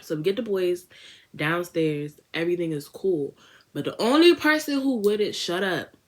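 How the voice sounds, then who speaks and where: A woman's voice: fairly low pitch, animated, normal speed. A young woman from Washington, D.C., casually telling a slangy storytime vlog and acting out her friends in quoted voices. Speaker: beauty vlogger.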